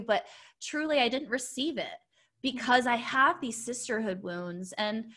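Her voice sits a little high and has a fairly bright tone, and she talks a bit slowly. In this relaxed podcast conversation, she tells a heartfelt story from her own life, wandering through it with lots of fillers and false starts.

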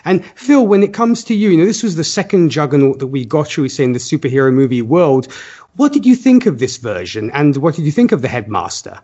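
Man, podcast host, casual movie discussion, fairly high voice, slightly dull lo-fi sound. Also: big pitch swings, brisk, warm tone, slightly rough. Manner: leads the talk, asks co-hosts questions.

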